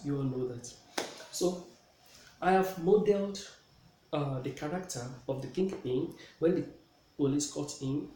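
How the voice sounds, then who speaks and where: A man's voice: on the high side, dark tone. A man teaching a classroom pronunciation lesson, checking in often with "okay?". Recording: echoey room with faint noise.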